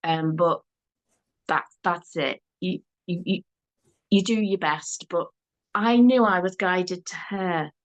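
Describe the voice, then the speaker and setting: A woman's voice: on the low side, slow pace. An older woman with a Liverpool accent, a guest telling stories in a casual chat. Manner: chatty, storytelling, lively.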